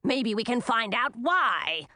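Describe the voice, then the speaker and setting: A woman voicing a cranky old female witch in a storybook, with a raspy, snappish, scornful voice. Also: a little high, sing-song, slow, sharp tone, dry recording, clean studio sound, heavily acted.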